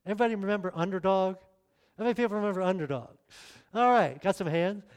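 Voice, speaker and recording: A man's voice: sits high, quick pace. A middle-aged man preaching a sermon in a conversational way, often asking the audience questions.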